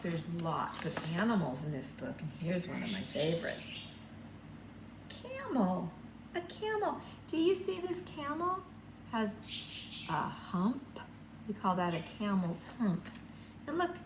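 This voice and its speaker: An older woman teacher reading a picture book aloud to young children and showing the signs, in a slow, sing-song storytime voice. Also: fairly high pitch, noisy background. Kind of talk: read-aloud lesson with sign language for children. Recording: echoey room, mic at a distance, faint ambience.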